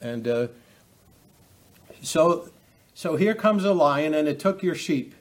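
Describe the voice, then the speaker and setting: Halting man teaching scripture. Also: on the high side, expressive. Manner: halting, many fillers and restarts. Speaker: preacher. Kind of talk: expository Bible teaching.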